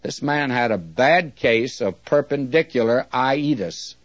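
Male preacher, American, unhurried and earnest; dry, dull old recording. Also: medium pitch, lively intonation, no room sound. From United States. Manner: measured, earnest preaching with slow emphatic readings. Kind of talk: sermon.

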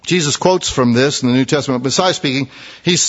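A man preaching a sermon, telling folksy stories and switching between quiet asides and loud, emphatic points. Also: medium pitch, fairly quick, in a large hall, muffled recording. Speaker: pastor.

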